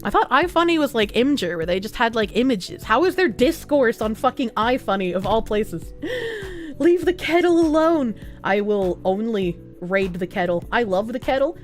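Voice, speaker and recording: A young woman streaming, chatting casually and reading out viewer messages, animated and profane, with bursts of giggling. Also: moderate pace, faint music behind. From United States. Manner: animated, giggly, profane, with squealing high laughs.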